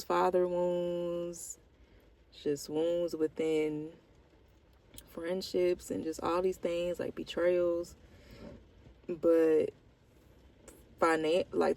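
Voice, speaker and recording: A woman's voice: on the low side, creaky, dark tone, rough recording. A woman vlogger talking candidly about her life in a rambling, heartfelt way, with lots of "like" fillers. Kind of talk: candid personal vlog confession.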